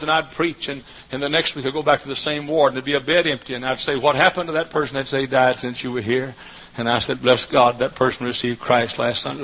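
Fiery preacher with a husky voice. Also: male voice, low-quality recording. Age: older. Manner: fiery, swings from soft talk to high shouts. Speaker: pastor. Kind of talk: sermon.

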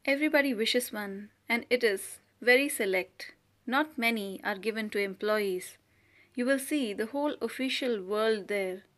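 A woman's voice: a little high, moderate pace, a bit bright, lightly acted. A woman reading a mild, timid young clerk husband. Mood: gentle.

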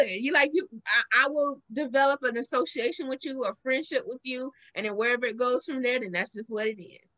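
A woman with a Southern accent hosts a casual podcast chat, telling stories with lively acted-out quotes. Her voice sits high and sounds bright and forward. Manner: animated storytelling, acts out quotes with big pitch jumps. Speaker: podcast host.

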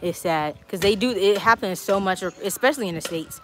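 A woman's voice: medium pitch, fairly quick. A woman hosting a travel vlog live stream while walking outdoors, chatting casually and reading viewer comments aloud. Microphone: handheld phone camera. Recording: noisy outdoor phone audio.

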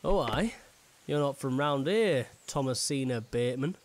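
An actor playing a gruff woodcutter foreman in a narrative game, with a Northern English accent and a blunt, curt manner. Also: mid-range voice, lively intonation, moderate pace, a little hiss or hum, close to an everyday voice. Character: gruff working-class woodcutter foreman, middle-aged.

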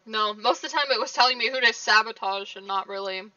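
A woman with a bright, high-leaning voice gives loose, playful commentary while gaming with friends, laughing easily. The sound is dry and a little dull, as if she sits back from the mic. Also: fast, no room sound, far from the mic. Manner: laughs often, playful reactions. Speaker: gaming streamer. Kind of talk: casual gameplay commentary.

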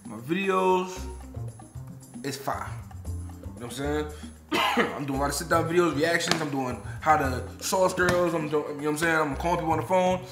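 A man's voice: a little high, normal speed, reverberant, music in the background. A young man hosting a casual reaction video, talking in loose slang and laughing along. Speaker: reaction channel host. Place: indoors, sit-down video.

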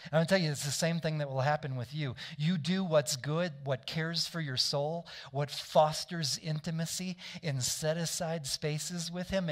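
A man preaching a sermon in a conversational way, often asking the congregation to agree and correcting himself as he goes. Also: on the high side. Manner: frequent restarts and self-corrections. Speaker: pastor.

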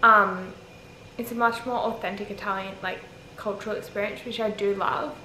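A woman's voice: medium pitch, normal speed. A young Australian woman telling a travel story to camera in a rambling, chatty way, filling her speech with "like". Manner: rambling, heavy use of "like", animated retelling. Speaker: travel vlogger. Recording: echoey with faint ambient noise.

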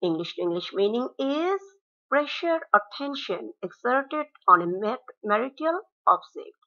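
A woman teacher, reading out English words and their meanings slide by slide in a measured classroom cadence. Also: high voice, sing-song, pushed and bright. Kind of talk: slide-based vocabulary lesson. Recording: dull lo-fi recording.

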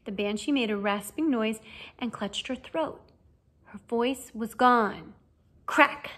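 A woman narrating a children's fantasy novel as an audiobook reader, with a lively, expressive reading. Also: fairly high pitch, takes it slowly. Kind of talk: storybook narration.

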